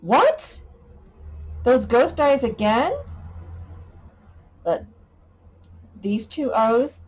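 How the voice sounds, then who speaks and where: Slow, patient woman teaching sight words. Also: mid-range voice, darkish tone. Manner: slow, patient, playful with sound effects. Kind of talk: sight word lesson for young children.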